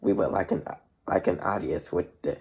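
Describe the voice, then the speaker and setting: Male sea sponge, formal, slow, husky, read by a man, storybook. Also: sits low, a little mellow, exaggerated voice.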